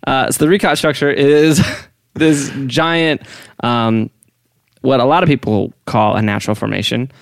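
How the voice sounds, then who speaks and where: A man's voice: medium pitch, measured pace, creaky, dry recording, studio quality. A man co-hosting a casual podcast chat, rambling through his explanations and often breaking into laughter. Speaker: podcast co-host explaining a topic.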